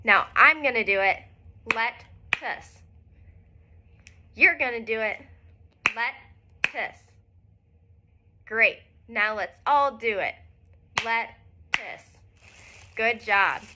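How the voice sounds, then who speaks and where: A woman teacher leading a recorded phonics lesson for young children, speaking clearly and encouragingly with frequent praise. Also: on the high side, expressive, moderate pace, hardly any pauses, background noise.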